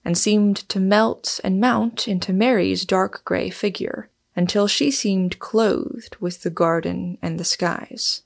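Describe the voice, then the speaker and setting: A woman narrating an audiobook of a novel in a measured, unhurried way. Her voice sits at a middle pitch with a gravelly texture.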